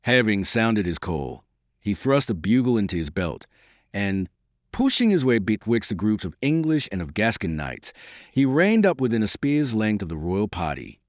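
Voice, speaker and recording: A man reading a historical novel aloud as an audiobook narrator, in steady storytelling. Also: lowish voice, moderate pace, dry recording, clean studio sound. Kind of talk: scripted narration.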